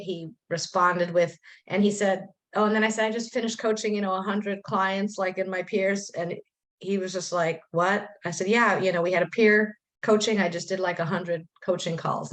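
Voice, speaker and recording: Talkative woman on a video call. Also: on the low side. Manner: talkative, animated, quotes herself and others. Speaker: coaching student sharing her story. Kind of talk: emotional, chatty testimonial.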